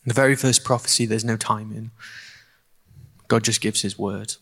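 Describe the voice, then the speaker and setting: A man preaching a sermon and leading a prayer, earnest and halting, often repeating words. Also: fairly low pitch, steady tone, fairly bright tone, long reverb tail. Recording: faint guitar music behind.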